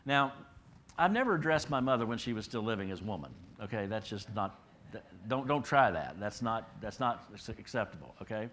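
Preaching an expository sermon, this middle-aged pastor speaks briskly in a lowish voice with lively intonation. He addresses his listeners in a conversational tone, tosses out rhetorical questions, and alternates emphatic climbs with hushed dips.

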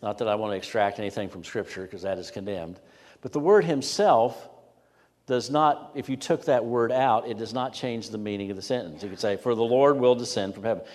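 A middle-aged male pastor giving an expository sermon, stressing key words and pausing between phrases. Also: fairly low pitch, a little mellow. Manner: expository preaching with rising emphasis and pauses. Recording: long hall reverb.

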